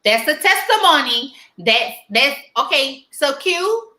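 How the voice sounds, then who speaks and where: A woman hosting a live stream, chatting casually and greeting viewers, animated and silly, getting loud when excited. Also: sits high, takes it slowly, echoey room, rough recording.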